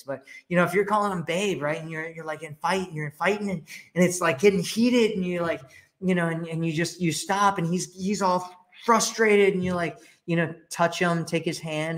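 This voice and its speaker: A man's voice: a little high, moderate pace. A man hosting a dating advice podcast, talking casually with many fillers and restarts. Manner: chatty, lots of fillers and restarts.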